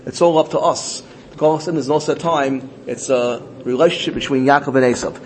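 A man teaching a Torah lesson, telling a story with lively voices and mixing in Hebrew and Yiddish terms. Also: mid-range voice, a little fast, a little hiss or hum.

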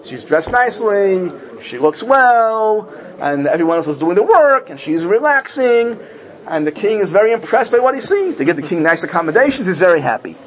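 Animated man telling a sermon parable. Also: moderate pace, low-quality recording. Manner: animated storytelling, voicing characters with big pitch jumps. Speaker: rabbi.

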